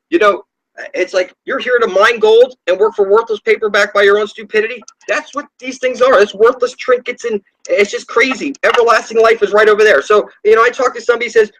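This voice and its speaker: A man's voice: high voice, fairly even intonation, brisk, fairly bright tone, rough recording. A man at home delivering a rambling, profane spiritual rant, scornful and preachy, often trailing off and restarting his sentences. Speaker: online video ranter.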